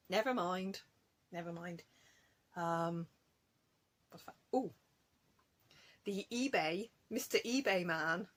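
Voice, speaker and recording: A woman's voice: on the low side, a little slow, long pauses, a bit bright. A woman chatting casually to camera in a home craft vlog, rambling from topic to topic and laughing often. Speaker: craft vlogger.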